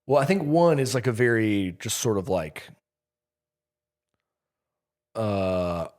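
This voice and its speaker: A man, a pastor, in casual chat about a sermon, chatty and self-mocking, quick to laugh. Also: fairly low pitch, big pitch swings, a little mellow. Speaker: pastor, podcast co-host.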